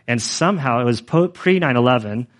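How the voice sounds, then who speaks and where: A man's voice: mid-range voice, lively intonation, a little fast. Earnest rambling male preacher. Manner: rambling, heavy on fillers, earnest. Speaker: pastor. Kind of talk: sermon testimony.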